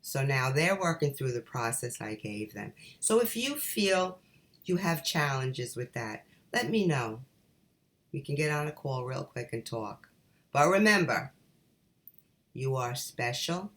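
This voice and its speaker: A middle-aged woman coach giving calm, encouraging advice straight to her viewers, whom she calls ladies. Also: a bass voice. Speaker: life coach. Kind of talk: motivational talk to camera.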